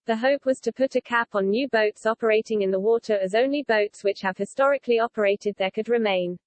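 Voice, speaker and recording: A woman narrating a news article in a steady, even reading voice. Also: fairly high pitch, a little fast, no echo.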